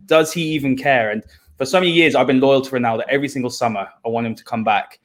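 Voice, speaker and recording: A man's voice: medium pitch, racing. A man in his twenties hosting a football podcast, talking fervently and emotionally about his idol. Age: 20s. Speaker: podcast host.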